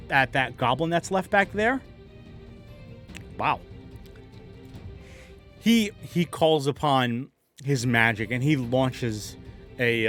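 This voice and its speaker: A man running a tabletop game as game master, narrating combat in a lively way and adding sound effects. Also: medium pitch.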